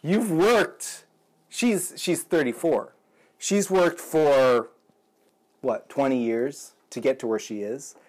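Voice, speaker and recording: Guy slowly telling a long joke, lots of restarts and little laughs. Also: mid-range voice, a little mellow. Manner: halting, restarts, chuckles while telling. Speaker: joke teller.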